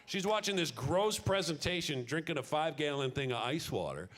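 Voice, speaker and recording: A man doing a stand-up comedy set on stage, animated and leaping into loud, high acted voices. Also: brisk. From Minnesota. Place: stage before a live audience.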